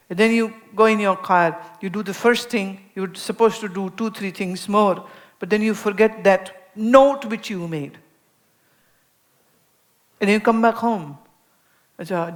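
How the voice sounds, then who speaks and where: A woman speaks as a spiritual teacher addressing an audience. Her voice sits at an ordinary middle pitch. She tells lively everyday stories, acting out little exchanges and repeating words to drive a point home. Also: a little slow. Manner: animated storytelling, acting out everyday dialogues. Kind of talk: public talk to an audience.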